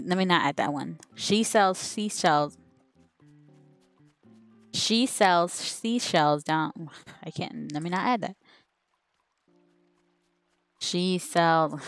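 A woman game streamer chatting casually on a live stream, giggling as she stumbles over a tongue twister. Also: fairly low pitch. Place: home streaming setup.

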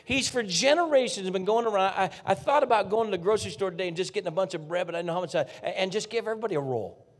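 A man preaching a fervent sermon as a guest pastor in a church, talking folksy and straight to the congregation, dropping to hushed whispers and rising to near shouts. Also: high-pitched, rapid-fire. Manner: folksy, addresses congregation directly. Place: church sanctuary.

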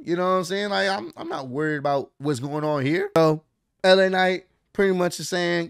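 A man with a slightly high voice chats through a recap in a loose, slangy ramble, piling on fillers as he goes. The sound is dry and close. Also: moderate pace, smooth, no room sound. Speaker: wrestling recap vlogger. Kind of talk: casual recap chat.

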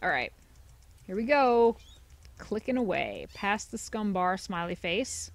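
Speaking slowly in a sing-song, mid-range voice, a woman provides let's play commentary on a video game. She is chatty, sarcastic and swears freely, recorded on a desk USB headset mic.

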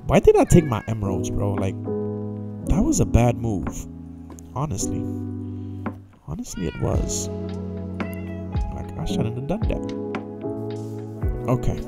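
A man's voice: mid-range voice, huge pitch swings, takes it slowly, pauses often, over loud music. A young man giving casual, jokey gameplay commentary, talking to himself and to the characters in the game. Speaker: gaming YouTuber.

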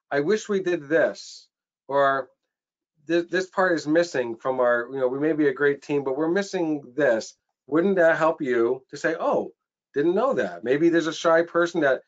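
A chatty man hosting a panel webinar over a video call, rambling a little and restarting his sentences. His voice is at a middle pitch and the audio sounds dull and lo-fi. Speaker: webinar host. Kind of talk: casual webinar panel chat.

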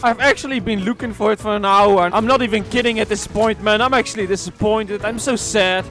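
A young man giving excitable, trash-talking commentary over his own gameplay as a streamer. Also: high voice, a little fast. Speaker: gaming streamer. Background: game music.

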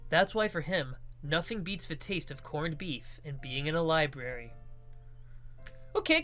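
A man's voice: sits high, sharp tone. A young man reading a visual novel aloud and wandering into joking, rambling tangents. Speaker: let's play reader and commentator.

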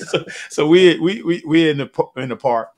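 A man's voice: a little high, normal speed, noisy background. A man in his sixties with an American accent hosting a podcast, chatting casually and laughing often as he tells stories. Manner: laughs a lot, acts out quoted voices while telling stories. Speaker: podcast host. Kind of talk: casual chat.

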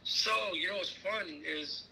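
A man as a guest in a casual interview, telling stories in a rambling, animated way. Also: a little high, measured pace, creaky, slight background noise, poor audio.

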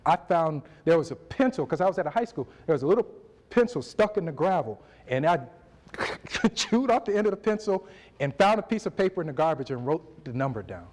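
A man in his forties giving a motivational speech at a university event, telling his story with animated delivery and acting out conversations. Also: fairly high pitch, fairly quick. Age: 40s. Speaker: motivational speaker.

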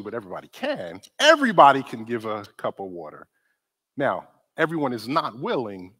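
A man giving a conference talk on church ministry, conversational and animated, often asking the audience questions. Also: mid-range voice. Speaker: conference speaker on disability ministry. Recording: long hall reverb.

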